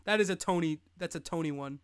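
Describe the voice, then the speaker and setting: A man's voice: on the high side, fast talker, smooth. A young man in his twenties hosting a live fantasy football stream, rambling and joking in casual chat, laughing often. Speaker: host.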